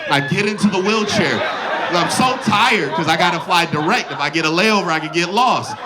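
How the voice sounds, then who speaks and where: A man in his thirties performing a stand-up comedy set with an animated, playful, slangy delivery on a handheld mic. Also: sits high, brisk, heavy background noise. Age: 30s. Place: comedy club stage with audience laughter. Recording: loud live crowd laughter.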